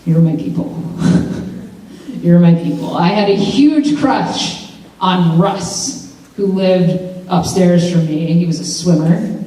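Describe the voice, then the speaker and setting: A young adult woman telling a personal story to students in a lecture hall, chatty and animated with lots of fillers. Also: on the low side. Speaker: mental health speaker. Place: large university lecture hall. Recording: very echoey hall from far off.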